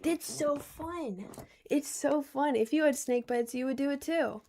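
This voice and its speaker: Young woman, twenty, streamer, casual chat, rambling and giggly, gravelly fry in her voice. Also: sits high, moderate pace, dark tone, a little hiss or hum. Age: 20s. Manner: rambling, giggly, lots of "like" and restarts. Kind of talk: casual stream chat, reading viewer questions.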